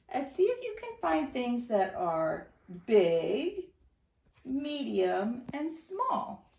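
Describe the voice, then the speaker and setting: A woman leads a storytime lesson for young children from her home. She speaks slowly in a bright, sing-song voice with a gravelly edge, pausing to ask her listeners questions. Her voice echoes around the room. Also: fairly high pitch. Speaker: teacher reading to children.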